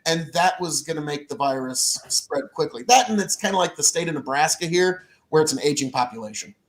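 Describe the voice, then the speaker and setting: A man co-hosting a casual podcast, talking in an animated, jokey way in quick bursts. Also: fairly high pitch. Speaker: podcast co-host.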